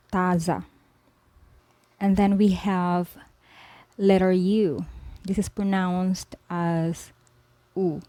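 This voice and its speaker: A woman's voice: lowish voice, dark tone, no room sound, rough recording. A woman teaching a spoken language lesson, explaining each letter patiently and repeating every example word several times. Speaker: language tutor.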